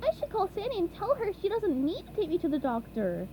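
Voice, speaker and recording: A squeaky, whiny sea sponge boy pitched far up, voiced by a woman reading a storybook. He sniffles and swings wildly up and down in pitch. The tone stays soft and mellow. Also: huge pitch swings, fairly quick, slight background noise, exaggerated voice. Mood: excited. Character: excitable childlike male sea sponge.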